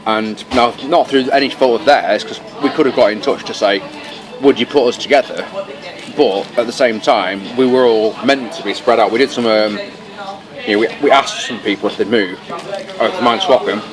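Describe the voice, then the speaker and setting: A medium-pitched man co-hosts a casual podcast recorded in a noisy, crowded fast-food restaurant, with busy crowd chatter behind him. He's chatty, swears casually, and talks while eating.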